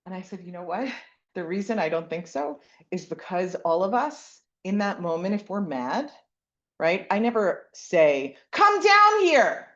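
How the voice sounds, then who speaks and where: A woman and mother of young kids teaching a lively Torah class, often asking "right?" and acting out the lines she quotes. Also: fairly low pitch, unhurried, dull audio. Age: adult parent with young kids. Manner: animated, keeps asking "right?", acts out quotes. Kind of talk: lively Bible class lecture.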